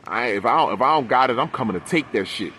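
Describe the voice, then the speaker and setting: Man voicing a defiant older street guy, low gruff slang delivery. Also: expressive, fast, sharp tone, a little hiss or hum.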